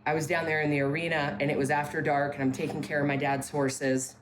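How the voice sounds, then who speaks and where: A woman from a ranch telling ghost stories in casual talk, emphatic, with halting restarts and key phrases repeated. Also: deep voice, little pitch movement, noisy background. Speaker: ranch staff member interviewed about ghost stories. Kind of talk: casual spoken storytelling.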